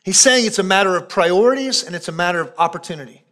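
High-voiced man preaching a sermon. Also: expressive, fast talker, hardly any pauses. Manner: emphatic preaching, repeating phrases for weight; drops to a low, quiet voice for solemn points. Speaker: pastor.

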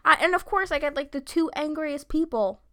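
A woman from Long Island with a fairly high voice chats on a podcast. She tells animated, joking stories and curses freely. Her delivery stays loose and conversational. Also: normal speed. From Long Island, New York. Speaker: podcast co-host. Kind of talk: casual chat.

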